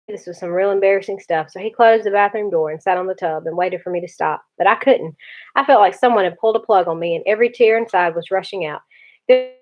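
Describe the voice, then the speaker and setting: A woman teacher reading a chapter book aloud in a steady storytelling voice. Her pitch sits mid-range, and the sound is dull and lo-fi. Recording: dull lo-fi recording.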